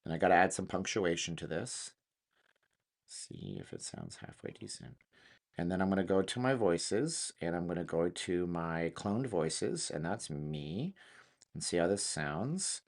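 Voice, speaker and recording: A man hosting a casual studio chat, excitable and slangy, thinking aloud as he talks. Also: low voice, moderate pace. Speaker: channel host. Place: home studio.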